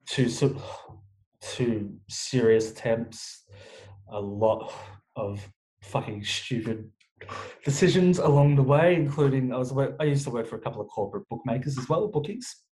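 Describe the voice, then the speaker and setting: A man's voice: medium pitch, moderate pace, darkish tone, rough recording. A young man talking frankly as an interview guest, swearing often and restarting his sentences. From Australia. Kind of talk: candid interview talk.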